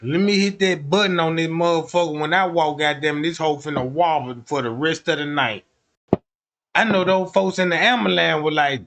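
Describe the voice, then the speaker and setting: A man with a high voice rattles off a profane comedic rant, acting out each scene with animated energy. He sounds like a streamer riffing to his audience. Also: normal speed. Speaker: streamer commentator.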